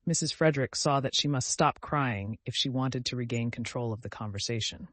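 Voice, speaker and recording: A man's voice: brisk, hardly any pauses, fairly bright tone, no echo. A man narrating a novel as an audiobook reader, lifting his voice for the quoted family members. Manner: raises pitch and volume for quoted family members. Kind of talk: scripted narration.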